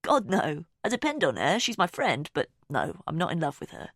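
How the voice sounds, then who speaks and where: A woman's voice: lowish voice, big pitch swings, moderate pace, no room sound. A woman reading the part of a wry, gloomy young man in an audiobook, in a dry, darkly joking way. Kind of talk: audiobook character voice.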